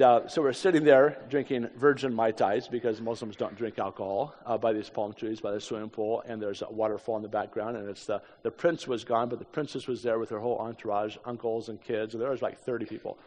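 A man's voice: fairly low pitch, steady tone, a little fast, darkish tone. A man in his fifties from the United States, telling a story in a sermon with casual, self-deprecating asides. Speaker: preacher. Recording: echoey hall.

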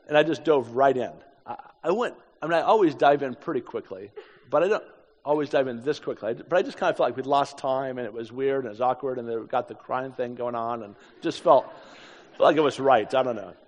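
A man's voice: mid-range voice, brisk. A man in his fifties from the United States, telling a story in a sermon with casual, self-deprecating asides. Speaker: preacher. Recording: echoey hall.

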